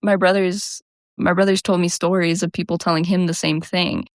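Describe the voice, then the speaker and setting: A woman's voice: lowish voice, moderate pace, no room sound, clean studio sound. Laughing woman telling casual stories. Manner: animated, laughs often, slips into quoted voices. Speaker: host. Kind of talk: casual storytelling monologue.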